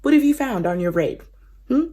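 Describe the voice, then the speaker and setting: A woman's voice: lowish voice, big pitch swings, moderate pace, breathy edge, full character voice. A woman doing a fed-up young herdsman. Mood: exasperated. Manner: exasperated, ranting, rhetorical.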